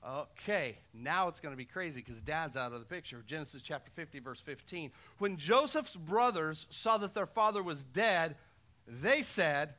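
A male pastor delivering a sermon with a high, ringing voice. He preaches with passion, punching key lines loudly and then dropping to soft, intimate asides. His tone stays bright and forceful throughout. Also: expressive, moderate pace. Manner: impassioned preaching, swinging between loud emphasis and quiet asides.

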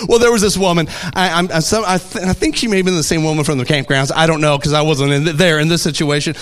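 Animated preacher man, fairly high voice. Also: a little fast, few pauses. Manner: animated storytelling, acts out voices. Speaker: pastor. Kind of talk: sermon.

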